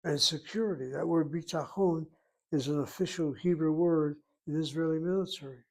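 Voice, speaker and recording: A man teaching a language class, explaining slowly and methodically and repeating words to break them into syllables. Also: on the high side. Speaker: Hebrew teacher. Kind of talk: classroom lecture.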